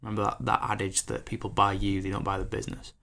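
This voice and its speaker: A man in his twenties hosting a podcast, rambling in an animated, casual way with lots of fillers and acted-out quotes. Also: lowish voice, fast, creaky. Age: 20s. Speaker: podcast host.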